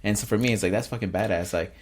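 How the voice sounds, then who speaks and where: Low-voiced rambling podcast host. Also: male voice, racing. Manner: rambling, restarts, casual swearing. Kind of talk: casual podcast interview.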